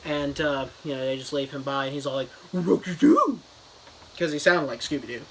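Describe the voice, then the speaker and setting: A man's voice: mid-range voice, fairly even intonation, fast, bright, forceful tone, slight background noise, rough recording. A man giving a crude joking fake book review, rambling with lots of "you know" and "uh".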